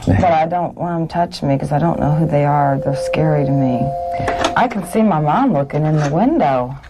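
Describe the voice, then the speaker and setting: A young woman under hypnosis, describing what she sees in a halting, hesitant way. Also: sits low, very noisy. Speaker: hypnosis subject.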